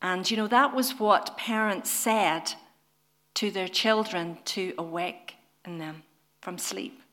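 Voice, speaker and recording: A woman preaching a sermon in an earnest, gentle way, often putting questions to her listeners. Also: medium pitch, slow pace.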